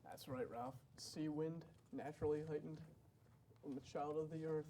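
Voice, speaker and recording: A man's voice: on the high side, fairly even intonation, moderate pace, warm tone, slight background noise, lightly acted. A man playing a boastful, oddball young shift manager who rambles nonsense. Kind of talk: comedy sketch acting.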